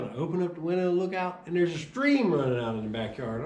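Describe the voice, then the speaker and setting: A man's voice: a little high, quick pace, far from the mic, slight background noise. A man from Chicago telling his personal testimony, acting out the voices of the people in his story. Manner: animated storyteller acting out dialogue. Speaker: testimony speaker. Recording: echoey room.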